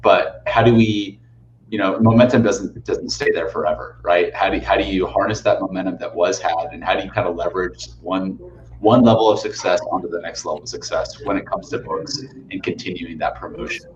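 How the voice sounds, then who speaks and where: A man hosting a livestream, talking in a relaxed, casual way with some fillers. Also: sits low, fairly quick. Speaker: livestream host. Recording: echoey, distant, dull audio with faint noise.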